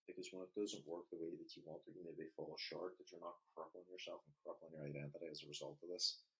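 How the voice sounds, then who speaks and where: A man's voice: extremely low pitch, vocal fry, fairly bright tone, low-quality recording. A man hosting a podcast, talking alone in a casual, reflective way with many fillers, as a therapist. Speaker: podcast host. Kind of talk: solo podcast monologue.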